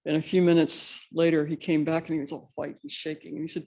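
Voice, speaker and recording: A man's voice: on the high side, level tone, quick pace, gravelly, darkish tone. A man on a panel, recounting institute history in a rambling, anecdotal way full of fillers.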